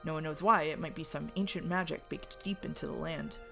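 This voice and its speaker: A woman voicing a proud, brooding young male hunter prince in a visual novel, talking in a gruff, defensive, commanding way. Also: sits low, steady tone, fairly quick, over music. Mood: wistful.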